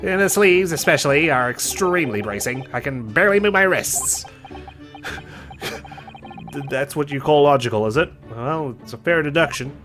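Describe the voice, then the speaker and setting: A man's voice: a little high, expressive, moderate pace, fairly bright tone, soft background music. A man doing a stammering, overexcited professor. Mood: lecturing. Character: excitable eccentric male scientist, older, stammering.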